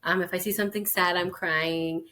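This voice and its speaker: A woman's voice: lowish voice, fairly even intonation, moderate pace, sharp tone. A woman in her thirties co-hosting a podcast, chatting candidly and telling personal stories. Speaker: podcast co-host. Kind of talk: casual chat.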